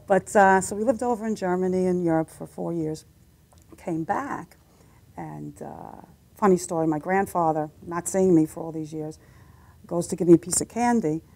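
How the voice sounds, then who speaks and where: Woman, middle-aged, slightly low voice, chatty storyteller, casual interview. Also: moderate pace, mellow. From United States. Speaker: singer and guest.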